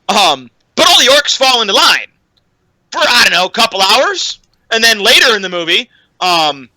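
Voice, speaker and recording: Animated high-voiced man ranting about a film. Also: a little slow, pauses often, no room sound, low-quality recording. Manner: animated, profane, lots of "um"s. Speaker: podcast co-host. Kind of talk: casual chat, film rant.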